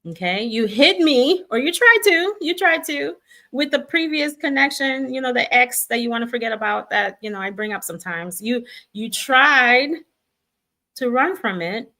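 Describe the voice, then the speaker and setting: A woman's voice: a little high, normal speed. A middle-aged woman hosting a casual spiritual guidance talk, speaking reassuringly to her viewers and acting out the voices in their heads. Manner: warm, reassuring, acts out viewers' inner voices.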